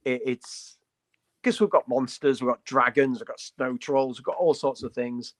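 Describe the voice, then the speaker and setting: A man's voice: medium pitch, steady tone, moderate pace. A man co-hosting a casual hobby podcast, talking with enthusiasm, blunt jokes and playful asides. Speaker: podcast co-host.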